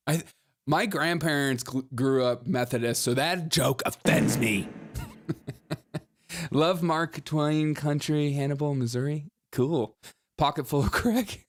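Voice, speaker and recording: A man's voice: a little high, slow pace, slight background noise. A man hosting a live-streamed political commentary show, reading headlines and super chats with sarcastic jokes and frequent laughter at his own lines.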